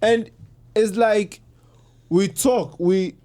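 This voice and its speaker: A man's voice: sits high, very slow. A man, chatting casually as a podcast guest and telling stories animatedly. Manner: animated storyteller, mimics his mom in quoted asides. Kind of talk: casual chat.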